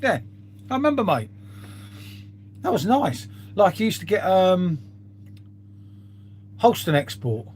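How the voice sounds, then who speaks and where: A man's voice: sits high, sing-song, slow pace, pauses often, a little mellow. A middle-aged man, chatting casually to viewers on his live stream, swearing freely and calling them mate.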